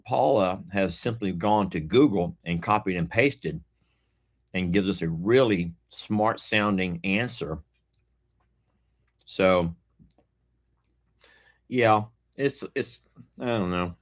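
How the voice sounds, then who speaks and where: Slow folksy man chatting while eating. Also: deep voice. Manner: slow, folksy, teasing, laughs often, talks while eating. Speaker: food vlogger. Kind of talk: casual mukbang chat to viewers.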